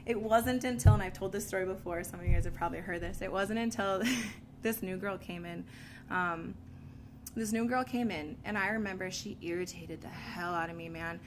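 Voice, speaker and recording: A woman speaks to an audience in a casual, candid testimony, her pitch sitting in an ordinary middle range. She tells the story in an animated way, with frequent laughs and easy fillers. A faint hum of ambient noise sits beneath her voice. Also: normal speed. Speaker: speaker sharing a recovery story.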